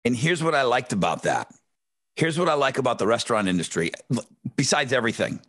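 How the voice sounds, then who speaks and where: Brisk and medium-pitched, this podcast co-host swears freely as he animatedly tells stories in casual chat, imitating relatives yelling.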